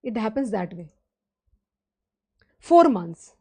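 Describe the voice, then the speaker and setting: Mellow-voiced Indian woman lecturing. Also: on the high side, very animated, takes it slowly, slightly rough. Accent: Indian English. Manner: conversational, rambling teaching with fillers and rhetorical questions. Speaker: finance lecturer. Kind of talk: live online lecture.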